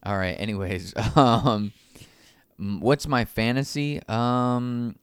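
A young man hosting a podcast, animated and swearing a lot in casual banter, laughing often. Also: medium pitch, slow pace, clear, resonant tone, no echo, studio quality. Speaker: podcast host.

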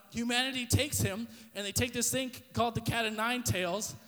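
High-voiced preacher in a reverberant hall. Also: male voice, a bit bright. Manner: intense, vivid storytelling with repeated "and, and" restarts. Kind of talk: sermon.

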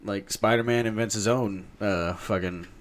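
A young man with a somewhat low voice, talking casually as a podcast co-host. He is animated and foul-mouthed. He drifts into rants and quick mock voices. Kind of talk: casual chat.

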